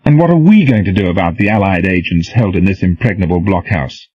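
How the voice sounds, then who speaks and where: A man's voice: low voice, brisk, no echo. A man voicing a sarcastic, distrustful young male officer with a scornful, suspicious manner, in a storybook reading. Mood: incredulous. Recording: dull, dry, lo-fi.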